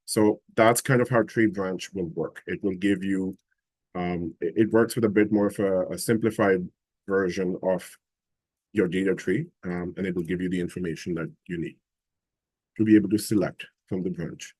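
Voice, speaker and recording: A man teaching a live software class, explaining each step and thinking aloud as he works. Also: sits low, steady tone, moderate pace, slightly rough, no echo. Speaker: instructor.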